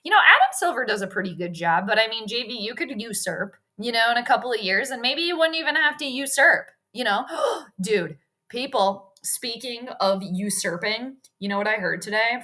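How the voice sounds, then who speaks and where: A woman's voice: medium pitch, moderate pace, bright, forceful tone. A young woman hosting a casual sports live stream, chatty and rambling, greeting viewers by name between asides.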